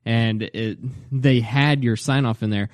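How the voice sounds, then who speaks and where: A man's voice: medium pitch, a little slow, no echo, clean studio sound. A man with an Indiana accent co-hosting a podcast, telling stories with lots of laughter. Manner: laughing, animated storytelling. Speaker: podcast co-host. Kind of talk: casual podcast chat.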